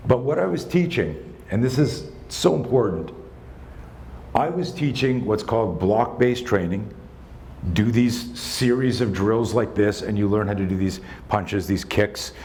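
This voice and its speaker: A man in his sixties, a self-defense instructor telling a story in a live talk, animated, conversational and profane. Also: on the low side, measured pace, a little hiss or hum. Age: 60s.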